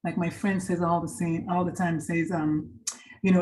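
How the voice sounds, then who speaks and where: A middle-aged woman presenter on a video call from a hotel room, chatting warmly and greeting each attendee by name. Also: lowish voice, fairly even intonation, fairly quick. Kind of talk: casual online talk wrap-up.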